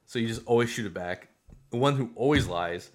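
A young man co-hosting a podcast, chatting casually and animatedly about board games with many fillers. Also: mid-range voice. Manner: animated, fast, lots of fillers. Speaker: podcast co-host. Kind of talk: casual chat.

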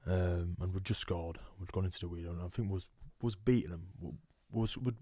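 A young man, a rugby player guest telling animated stories in a casual podcast chat. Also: deep voice, moderate pace, husky, dry recording. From England. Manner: storytelling, animated quoting, laughs often. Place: podcast studio.

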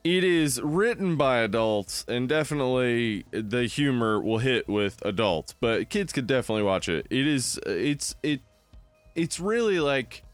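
A man's voice: mid-range voice, animated, measured pace, no echo, soft background music. A man from New Jersey co-hosting a casual movie chat podcast, rambling with fillers and laughing often. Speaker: podcast co-host.

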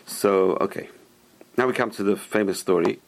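A man's voice: low voice, normal speed, creaky. A man teaching a Torah class, retelling old stories with rhetorical questions and Hebrew terms mixed in.

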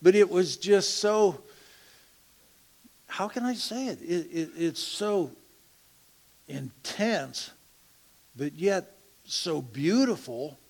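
A middle-aged man telling a church testimony in a slow, halting way, with laughs and hushed asides. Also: high-pitched, animated. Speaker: church member sharing a testimony.

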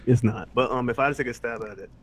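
A man's voice: mid-range voice, very fast, a loud crowd. A man co-hosting a podcast from a hotel room, talking in a laid-back, easygoing way. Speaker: podcast co-host. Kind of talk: casual podcast chat.

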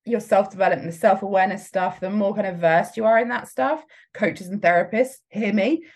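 A woman's voice: medium pitch, moderate pace, a little mellow, husky. A woman coach giving a motivational talk, emphatic and frequently laughing as she acts out the voices in people's heads. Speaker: business coach.

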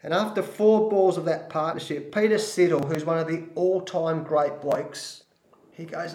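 A middle-aged man with an Australian accent, a former cricket coach telling a story with animated restarts and repeated words. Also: on the high side, moderate pace, echoey room. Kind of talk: storytelling in a panel talk.

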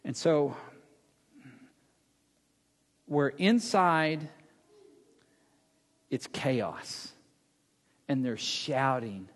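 A man preaching a sermon, retelling a Bible story dramatically, acting out the speakers and dropping to a hush for emphasis. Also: mid-range voice, animated, very slow. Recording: long hall reverb.

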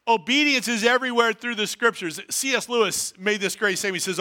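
A man, a pastor, preaching a sermon in a church, swinging from loud declarations to quiet, low asides. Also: expressive, brisk. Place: church hall.

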